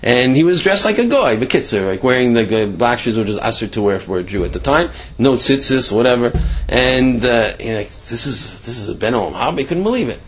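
A man telling a Torah story in a casual lecture. He acts out the quotes sudden leaps in pitch and rushed asides. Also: big pitch swings, slight background noise. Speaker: Torah class speaker. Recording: slightly dull lo-fi recording.

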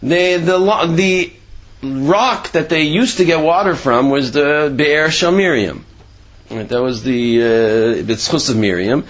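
A man's voice: on the high side, slow pace, fairly bright tone, dull audio. A man teaching a Torah class on Rashi's commentary in a conversational way. He adds many asides and acts out quoted speech. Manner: conversational, many "you know" asides and restarts.

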